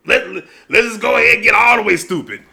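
A man, hosting and ranting casually and comedically about a movie, profane, with shouted outbursts. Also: high voice, fast talker, creaky.

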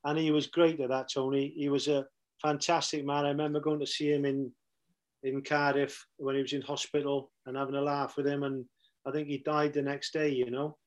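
A middle-aged former football manager, appearing as a podcast guest, tells blunt football stories in casual chat and keeps repeating his phrases. His voice is fairly high with little pitch movement, and he speaks a little fast.

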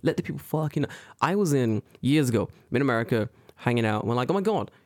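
A young man from the UK, co-hosting a casual podcast chat, telling stories in an animated, slangy way and acting out the people he quotes. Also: fast talker, dry recording, studio quality. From United Kingdom. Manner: animated storytelling, acts out quoted people with big pitch jumps; swears freely, slangy. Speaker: podcast co-host.

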